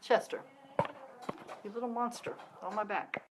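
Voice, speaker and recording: A Southern woman from the US gives a casual filmed tour of a cat sanctuary where she works, cooing baby talk at the cats. Her voice is medium in pitch with fairly even intonation and a moderate pace, and there's heavy background noise.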